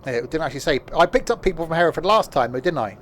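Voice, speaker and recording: A man streams a train game and chats loosely as he plays, with a slightly high speaking voice. He rambles, makes jokes, and often loses his thread mid-sentence. A faint hiss sits under the voice. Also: expressive, rapid-fire, fairly bright tone. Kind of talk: casual gameplay commentary.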